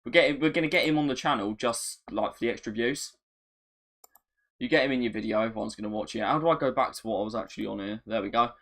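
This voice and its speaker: Guy on a live stream, excitable, repeats himself a lot, pokes fun at himself. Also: medium pitch, fast. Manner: chatty, excitable, repeats phrases, self-mocking. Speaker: gaming streamer. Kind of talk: casual live-stream chat.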